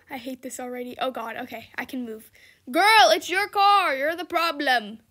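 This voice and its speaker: A woman's voice: sits high, lively intonation, moderate pace, pushed and bright. A young woman giving casual, exclamatory commentary while playing a game, often frustrated and laughing. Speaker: gamer.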